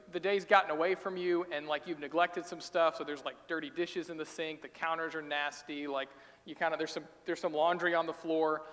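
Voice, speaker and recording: A pastor preaches a sermon in a church sanctuary, telling it casually like a story and acting out quoted voices as he retells the passage. His voice is a little high and a bit bright, with a big-room sound.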